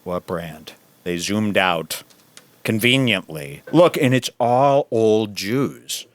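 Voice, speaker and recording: Scoffing man with a lively pitch. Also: slow, no room sound. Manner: sarcastic, scoffing, laughing. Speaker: podcast host. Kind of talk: mocking commentary over a clip.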